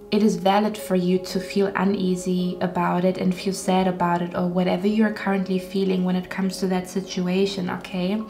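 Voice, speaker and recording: A woman's voice: medium pitch, a little mellow. Earnest woman doing a tarot reading. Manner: earnest, repetitive, checks in with "okay?". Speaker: tarot card reader. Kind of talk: intuitive tarot reading addressed to viewers.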